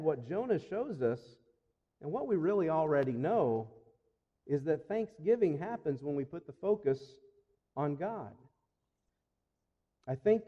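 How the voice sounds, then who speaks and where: Guy preaching, earnest, repeats stuff for emphasis, kinda muffled sound, big hall echo. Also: a little high. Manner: earnest preaching with repetition and slow emphatic phrases. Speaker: pastor. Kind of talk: sermon. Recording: dull sound with long reverb.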